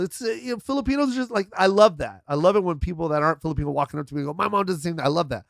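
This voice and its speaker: A man's voice: high voice, lively intonation, very fast, creaky, hardly any pauses, dry recording, studio quality. A middle-aged man on a podcast as guest comedian, telling stories animatedly, acting out quotes and swearing freely. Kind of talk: casual podcast chat.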